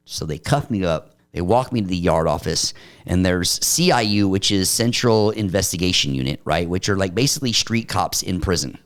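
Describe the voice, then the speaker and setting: A middle-aged man with a very low, deep voice tells his story bluntly and in street language. He talks in a casual, animated way. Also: clean tone. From Arizona. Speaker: podcast guest.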